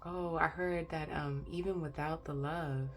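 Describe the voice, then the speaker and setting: A woman's voice: deep voice, steady tone, unhurried, soft background music. A woman giving a chatty pick-a-card tarot reading, exclaiming and talking straight to her viewers. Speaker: tarot reader.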